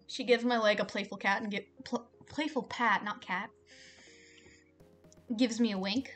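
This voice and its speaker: A woman's voice: mid-range voice, steady tone, a bit bright, soft background music. A woman streamer chatting casually and jokingly while reading a visual novel aloud. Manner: rambling, joking, fast with fillers.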